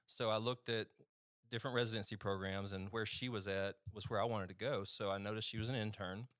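A man's voice: fairly low pitch, fairly even intonation, brisk, a bit bright, dry recording. East texas guy, laid-back storyteller, pokes fun at himself, dry sound. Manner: chatty, self-deprecating, laughs through stories. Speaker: physician guest. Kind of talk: casual storytelling on a podcast.

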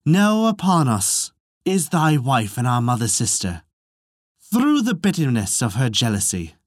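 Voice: mid-range voice, very animated, unhurried, no echo, clean studio sound. A reader as a reproachful young swan princess. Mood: grieving. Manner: reproachful, formal. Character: young enchanted princess turned swan, pleading.

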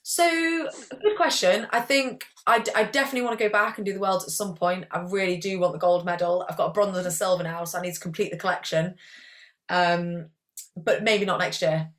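A young Englishwoman talking casually as an interview guest, with a somewhat low voice. She rambles along freely, scattering "like" through her sentences. The tone is easygoing and conversational. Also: a little fast, fairly bright tone. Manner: chatty, rambling, peppered with "like". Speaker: guest athlete.

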